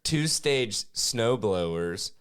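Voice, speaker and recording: A man's voice: on the low side, expressive, very slow, a bit bright, clear, resonant tone. A man co-hosting a podcast in casual chat, rambling and laughing often. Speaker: podcast co-host.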